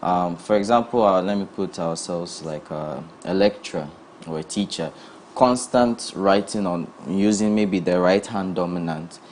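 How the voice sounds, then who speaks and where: Calm ghanaian guy, thick accent, very deep voice, explains slow and measured, faint hum behind. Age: young adult. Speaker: physiotherapist guest. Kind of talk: studio interview.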